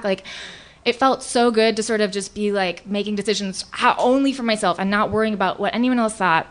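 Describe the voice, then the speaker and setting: A woman's voice: mid-range voice, brisk. A woman telling a confessional comic story on a live stage show, rambling with lots of "like" and restarts. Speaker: storyteller on a live comedy podcast.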